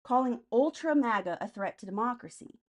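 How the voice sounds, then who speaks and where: A woman's voice: on the high side, animated, fairly quick. A woman hosting a casual political live stream, answering chat comments by name in a blunt, profane way.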